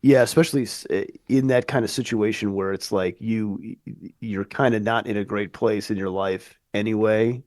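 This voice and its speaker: A man co-hosting a podcast, talking thoughtfully and haltingly with restarts. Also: lowish voice, fairly even intonation, a little mellow, no room sound, clean studio sound. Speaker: podcast co-host. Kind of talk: casual chat.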